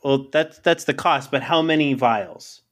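A man's voice: mid-range voice, measured pace, a bit bright. A man playing his character in a tabletop game, hesitant and full of ums and uhs. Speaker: player.

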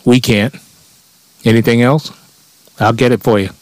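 A man's voice: mid-range voice, fairly even intonation, normal speed, darkish tone, no room sound. A man telling a rambling comic monologue in a profane, offhand way.

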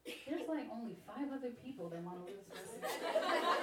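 A woman giving a sermon-style personal testimony, telling her story in a lively way with chatty asides to the audience. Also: sits high, a little fast, over a noisy crowd, heavy background noise. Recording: echoey hall, mic at a distance.

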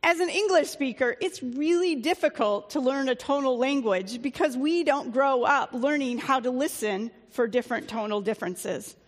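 A woman's voice: high-pitched, normal speed, hardly any pauses. Plain-spoken woman pastor in an echoing church. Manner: conversational, plain-spoken preaching with fillers. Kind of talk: sermon.

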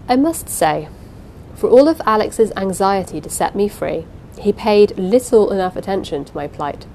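A woman's voice: lowish voice, a little mellow, a little hiss or hum, low-quality recording. A woman narrating a first-person story aloud, reading in a dramatic, suspenseful way. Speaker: audiobook narrator.

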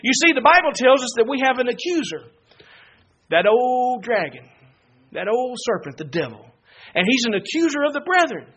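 Husky high-voiced preacher man. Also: very animated, moderate pace, muffled recording. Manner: builds from quiet teaching to loud fervent preaching. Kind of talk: sermon.

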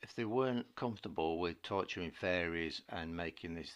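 A man's voice: low voice, moderate pace. A man co-hosting a podcast in casual chat, sarcastic and playful. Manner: sarcastic, playful, acts out mock dialogue. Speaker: podcast co-host.

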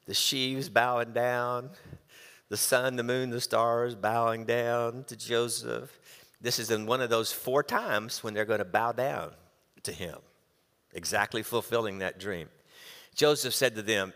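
A pastor preaching a sermon, animated as he reads scripture and acts out the quotes. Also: medium pitch, unhurried, in a large hall. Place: church.

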